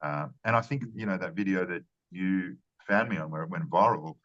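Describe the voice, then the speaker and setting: A man's voice: sits low, fairly quick, fairly bright tone, highs cut off. A man giving earnest conversational interview answers as a marketing strategist, often repeating words and restarting phrases.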